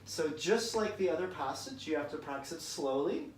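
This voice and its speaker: A man's voice: a little high, expressive, normal speed, over loud music. Encouraging male viola teacher, roomy recording. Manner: encouraging, sings phrases with da syllables. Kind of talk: music lesson coaching. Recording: roomy, mic at a distance, loud viola playing.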